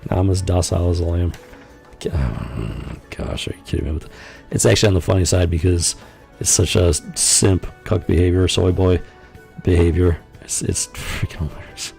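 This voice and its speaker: Low gravelly man rambling on stream. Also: normal speed, darkish tone, soft background music. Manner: rambling, incredulous, with frequent fillers and laughs. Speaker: podcast host. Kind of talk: casual live-stream commentary.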